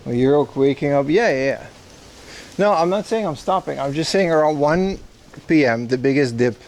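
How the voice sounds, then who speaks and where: A man with a slightly high voice rambles and jokes with his stream chat while out on city streets. Faint traffic hums behind him. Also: expressive, moderate pace, darkish tone. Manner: joking, loose, talks back to chat. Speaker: livestream host. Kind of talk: rambling casual chat to viewers.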